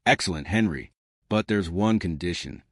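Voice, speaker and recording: Brief: man playing a calculating boss, low voice, measured and pointed. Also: no room sound, studio quality. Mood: stern. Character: stern, calculating middle-aged male boss.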